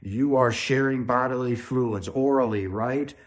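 A man's voice: medium pitch, unhurried. A man talks straight to his viewers about spirituality in a loose, preachy manner. He stresses his points hard and keeps tagging sentences with "right?". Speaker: spiritual video host. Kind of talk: informal spiritual talk to camera.

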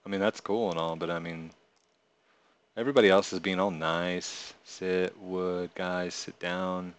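A man's voice: low-pitched, steady tone, normal speed. A man casually chatting on a live stream, reading viewers' messages aloud and answering them playfully. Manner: reads viewer chat aloud and answers playfully, often laughing. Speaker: live streamer and game creator.

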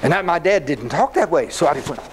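An older man giving an animated storytelling talk to an audience. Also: fairly high pitch, fast, a little hiss or hum, low-quality recording. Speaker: speaker.

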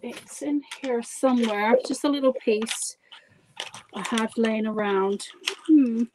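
A woman's voice: fairly high pitch, takes it slowly, mellow, a little hiss or hum, low-quality recording. A woman guiding a live craft demonstration, chatty, giggly and poking fun at herself as she works. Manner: chatty, giggly and self-deprecating. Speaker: guest crafter demonstrating a project.

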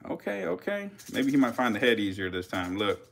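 A man giving casual live-stream commentary as a reptile keeper, chatty with viewers, swearing and getting excited. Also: mid-range voice, a little fast, creaky.

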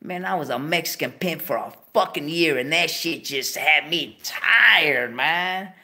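Gravelly man telling a profane story. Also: lively intonation, unhurried, bright, forceful tone. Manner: swears constantly, bursts into high yelps of disbelief. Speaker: show host.

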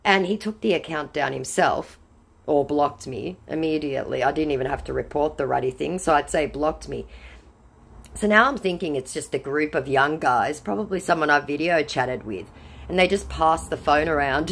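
A woman's voice: low-pitched, normal speed, gravelly. A woman telling a scam-baiting story in a blunt, sarcastic way. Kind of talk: casual storytelling.

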